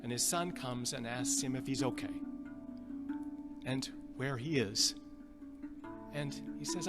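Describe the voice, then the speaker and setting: A male pastor from the Upper Midwest, telling a story in a sermon in a gentle, halting way and repeating phrases. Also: mid-range voice. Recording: long reverb with guitar music behind.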